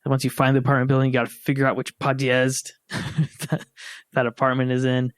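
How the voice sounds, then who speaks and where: A man's voice: medium pitch, fairly quick, smooth, dry recording. American man telling a story, dry mic. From United States. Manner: animated storyteller, laughs and acts out quotes. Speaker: podcast co-host telling a story. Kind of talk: casual storytelling among siblings.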